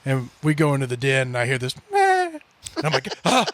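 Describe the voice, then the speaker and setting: A man co-hosting a podcast in casual chat, telling stories and acting out the quotes with sudden jumps in pitch. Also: steady tone, very fast, fairly bright tone. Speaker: podcast co-host. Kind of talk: casual chat, animated storytelling.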